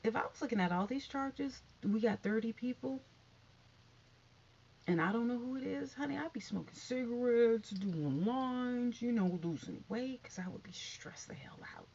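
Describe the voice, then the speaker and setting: A woman's voice: on the high side, animated, normal speed, slight background noise. Sassy woman gossiping in a lo-fi recording. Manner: chatty and sassy, drifting into hushed asides. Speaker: commentary vlogger. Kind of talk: casual gossip commentary.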